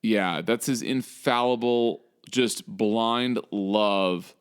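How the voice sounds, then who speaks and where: Deep, smooth-voiced sarcastic man. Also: extremely slow. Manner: profane, sarcastic, rambling with fillers. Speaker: podcast co-host. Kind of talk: casual chat.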